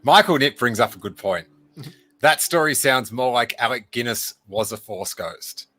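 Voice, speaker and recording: A man's voice: mid-range voice, animated, normal speed, bright, forceful tone, dry recording. A man hosting a livestream podcast in a casual, playful, rambling chat. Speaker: podcast host.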